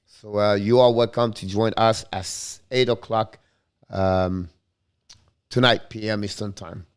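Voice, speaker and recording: A man hosting a casual hockey live stream, thanking viewers by name with many halting fillers. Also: fairly low pitch, steady tone, smooth.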